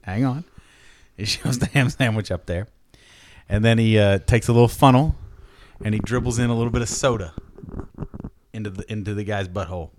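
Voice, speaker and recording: A man's voice: a little fast, long pauses. A man telling a long joke to friends in a casual chat, acting out each character and laughing as he goes. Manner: acts out characters with big pitch jumps, laughs mid-story. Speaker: podcast co-host telling a joke.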